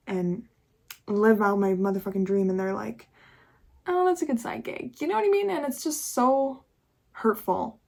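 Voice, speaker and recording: A woman's voice: mid-range voice, gravelly, darkish tone. Young adult woman, YouTuber, candid and profane casual vlog chat, laughs a lot.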